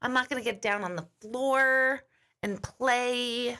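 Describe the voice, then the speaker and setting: A woman's voice: on the high side, takes it slowly, pushed and bright. A middle-aged woman host chatting casually to her viewers, telling a long rambling story. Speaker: intuitive host.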